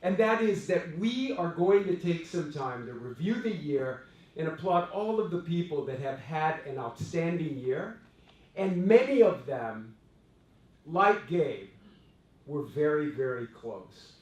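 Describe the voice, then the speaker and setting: A man from Hawaii, a company president, telling stories in a chatty, animated speech to his staff. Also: on the high side, a little slow. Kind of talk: storytelling speech to employees. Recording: echoey room, voice from far off.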